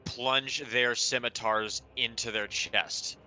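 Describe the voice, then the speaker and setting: A man narrating and running a tabletop game as game master, unhurried and hesitant with fillers. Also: on the low side, steady tone, bright, forceful tone, smooth, soft background music.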